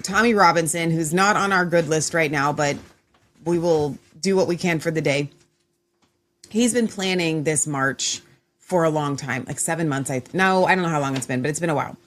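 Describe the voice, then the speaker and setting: A woman's voice: deep voice, fairly bright tone. A woman hosting her own show, talking in a chatty, rambling way with frequent restarts. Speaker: host. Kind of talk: casual chat.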